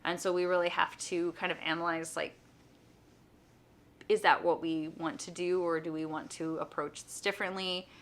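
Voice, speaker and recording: Middle-aged woman vlogger, lower pitch, bright tone, casual and chatty with lots of "um" and "you know". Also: level tone, normal speed. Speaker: vlogger, homeschooling mom and nurse. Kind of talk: casual personal storytelling.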